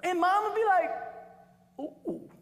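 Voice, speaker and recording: A woman teaching a photography workshop to a live class, chatty and animated, acting out little quoted exchanges. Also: mid-range voice, normal speed. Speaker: photography instructor. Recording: reverberant hall recording.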